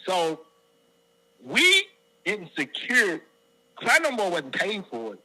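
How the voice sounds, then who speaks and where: A middle-aged man from the Washington DC area tells a story in an interview, his voice very bright and forceful. His pitch swings widely as he acts out what other people said. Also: wildly swooping pitch, takes it slowly, poor audio. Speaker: guest singer.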